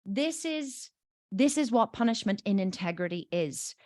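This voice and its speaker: A woman's voice: mid-range voice, expressive, measured pace, darkish tone, dry recording, clean studio sound. A woman hosting a coaching podcast, a mother telling a story in an emphatic, swearing way and acting out the voices of the people in it. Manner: acts out quoted voices in her stories. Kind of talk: storytelling monologue.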